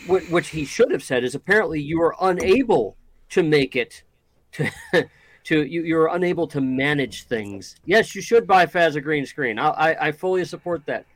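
A man co-hosting a casual talk show, pushing back in a measured, skeptical way. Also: a little high, fairly bright tone, dry recording. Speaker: podcast co-host. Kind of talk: casual chat.

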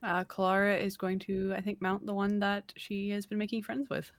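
A woman playing a tabletop game, describing her character's actions with a lively, giggly manner. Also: mid-range voice, moderate pace. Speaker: player.

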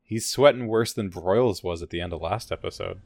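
Guy recapping an episode on a podcast, lowish voice, dry close sound. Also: brisk, creaky, a little mellow, no room sound. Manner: rambling, laughing retelling. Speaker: podcast co-host. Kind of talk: casual recap chat.

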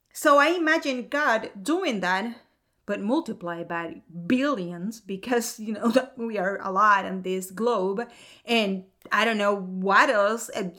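A woman's voice: fairly high pitch, fairly bright tone. A young adult woman and mother of two, telling a personal faith story in an earnest, emotional way that is often broken by laughter.

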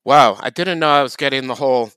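A man co-hosting a casual podcast, trading dry deadpan jokes. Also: medium pitch, fast, smooth, no room sound. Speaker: podcast co-host.

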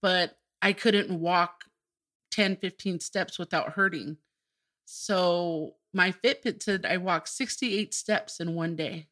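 A woman's voice: lowish voice, takes it slowly, a bit bright. A middle-aged woman, a podcast guest, telling her personal story candidly and openly, with bursts of laughter. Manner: open and emotional, breaks into laughter.

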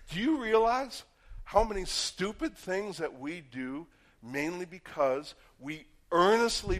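A man preaching a sermon as a pastor, talking in an easy conversational way, telling stories and acting out quoted voices, swinging from loud emphatic points to quiet asides. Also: a little high.

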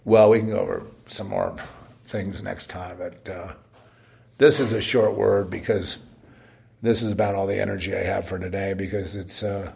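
A man's voice: deep voice, level tone, normal speed, vocal fry, a little mellow, slightly rough. A man giving a short, blunt devotional message while short of breath and on oxygen as he recovers. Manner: blunt and plain-spoken, with rising bursts of exhortation.

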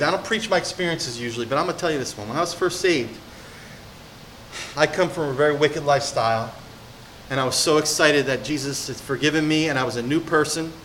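A male pastor preaches a sermon conversationally in a fairly high, brisk voice, with a little hiss or hum audible. He swings from hushed personal storytelling to emphatic, rising exhortation.

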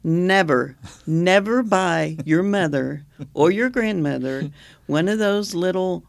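Lady cohost, gravelly voice, dry close mic, jokey and lively. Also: fairly low pitch, no echo. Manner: playful, animated, quick to laugh. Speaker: co-host. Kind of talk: casual radio show banter.

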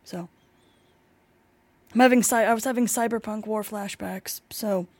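A woman speaking as a podcast guest in casual chat, in a soft-spoken, modest and hesitant way. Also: mid-range voice, fairly even intonation, a little slow.

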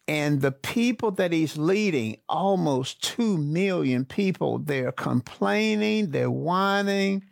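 A male pastor preaching a sermon, slowly repeating his key phrases for emphasis. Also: fairly high pitch, expressive, gravelly, dry recording, clean studio sound.

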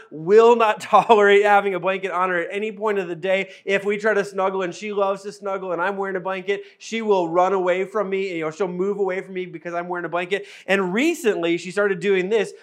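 High-voiced man preaching a casual sermon. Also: fairly even intonation, brisk, few pauses. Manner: conversational, humorous, repeats phrases for emphasis. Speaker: pastor. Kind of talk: sermon with personal storytelling.

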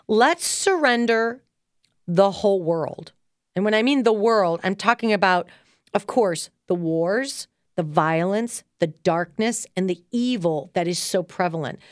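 A middle-aged woman sharing a devotional talk, earnestly reading prayers and slowing down for them. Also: medium pitch, dry recording, clean studio sound. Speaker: co-host, devotional speaker.

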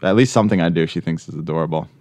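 A man's voice: low-pitched, rapid-fire, darkish tone, dry recording. A man co-hosting a podcast in casual chat, joking, laughing often and acting out quotes. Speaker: podcast co-host.

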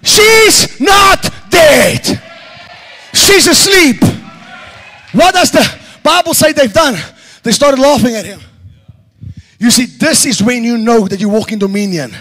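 A man with an unusually high, bright voice delivers a fervent sermon in an auditorium. He swings between ringing shouts and sudden quiet passages. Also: animated, normal speed. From South Africa. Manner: shouting, stirred-up preaching with sudden quiet drops. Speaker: preacher.

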